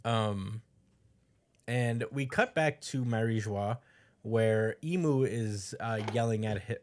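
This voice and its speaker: A man's voice: fairly low pitch, slow pace. Guy on a podcast recapping the latest chapter, loose and chatty, ums everywhere. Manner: loose storytelling with fillers, voices quotes. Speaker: podcast co-host.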